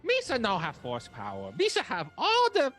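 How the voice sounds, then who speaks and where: A woman's voice: mid-range voice, huge pitch swings, soft background music. A woman doing bumbling broken-speaking Misa. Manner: broken third-person speech, halting.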